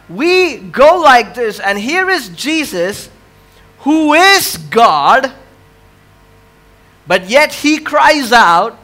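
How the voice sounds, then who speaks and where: A male pastor in full sermon mode, his voice pitched high and bright with a ringing edge. He takes his time, drawing the congregation in with questions and call-and-response, then swells into loud impassioned cries before dropping low and quiet again. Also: big pitch swings, very slow, pauses often.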